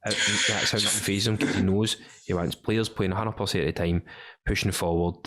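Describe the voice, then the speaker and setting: A Scottish man co-hosting a podcast, chatting casually about football in a slangy, excitable way, calling people mate. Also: sits low, fairly quick. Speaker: podcast co-host.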